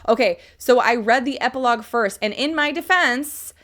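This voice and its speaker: A woman's voice: fairly high pitch, moderate pace, fairly bright tone. A woman in her thirties chatting casually on a live stream, reviewing a book, joking at herself and reading chat comments aloud. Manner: chatty and self-mocking, reads chat aloud.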